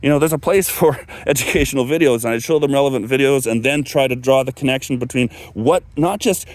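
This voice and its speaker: A man's voice: fast, few pauses, darkish tone, dry recording. A middle-aged man from Canada telling stories in a loose, digressive way, full of fillers and restarts, lifting his voice when he acts out what people said. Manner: acts out quoted dialogue with raised pitch. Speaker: guest speaker, former electrical instructor. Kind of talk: casual storytelling talk.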